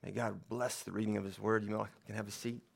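A man's voice: lowish voice, little pitch movement, quick pace, vocal fry. A man preaching a sermon, reading scripture aloud and then explaining it in a conversational way. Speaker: pastor.

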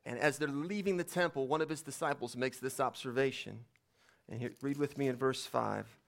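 Man preaching a sermon, plain mid-pitched voice. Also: moderate pace, gravelly. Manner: reads scripture aloud, then explains it conversationally. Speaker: pastor.

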